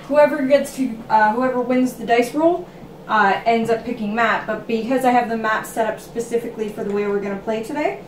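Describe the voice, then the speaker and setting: A woman's voice: on the high side, recorded from a distance, a little hiss or hum. Casual woman explaining a tabletop game. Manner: easygoing, explains step by step with fillers. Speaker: host teaching a tabletop game.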